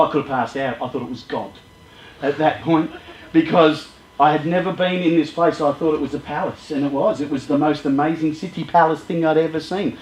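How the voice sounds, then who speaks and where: High-voiced male storyteller in an echoey room. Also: darkish tone. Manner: vivid, acting out his feelings and voices. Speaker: storyteller at a youth charity event. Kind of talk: dramatic first-person storytelling.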